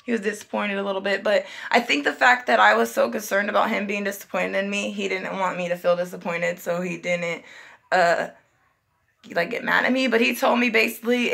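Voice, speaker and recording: A woman's voice: medium pitch, fairly even intonation, brisk, gravelly, a bit bright. A young woman telling a personal story in a casual, chatty vlog style, acting out the voices of people she quotes. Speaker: vlogger.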